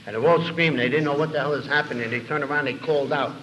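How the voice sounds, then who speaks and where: Quick and animated, an older man tells an audience about his recovery, acting out the dialogue and rambling with fillers and repeated words. His voice is on the high side, and the recording has its highs cut off, captured in an echoey hall with faint room noise.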